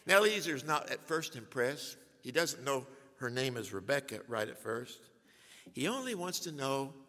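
An older male pastor with a mid-range voice preaches a sermon full of funny stories, shifting between hushed asides and loud proclamations. A long hall reverb trails his words.

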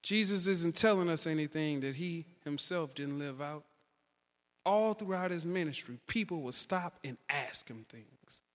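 A man preaching a sermon, telling a story in an animated way and building louder and higher toward the peaks. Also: a little slow, long reverb tail.

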